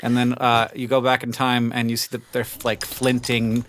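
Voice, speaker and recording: A man's voice: medium pitch, monotone, moderate pace, a bit bright, a little hiss or hum. A man hosting a podcast, chatting casually in a playful, rambling way. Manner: rambling, playful, laughs often. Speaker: podcast host. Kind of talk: casual chat.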